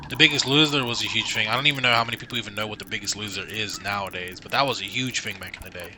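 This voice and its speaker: A man's voice: lowish voice, very fast, pushed and bright, slight background noise. A young Australian man from Queensland, chatting casually and rambling with sarcastic asides while playing a game. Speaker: gaming streamer. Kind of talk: casual chat over gameplay. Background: game music.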